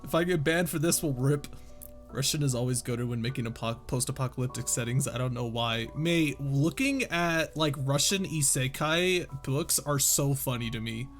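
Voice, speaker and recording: A man's voice: mid-range voice, moderate pace, faint music behind. A man streaming casually, reading a novel aloud to chat while joking, swearing and laughing between lines. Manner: joking, swears freely, lots of laughing asides.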